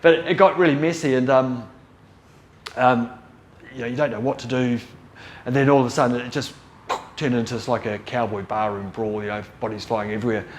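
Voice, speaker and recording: Speaking a bit fast with medium pitch and fairly even intonation, a middle-aged man tells meandering, casual stories. He often cuts himself off, starts sentences over and chuckles at what he's saying, with slight background noise.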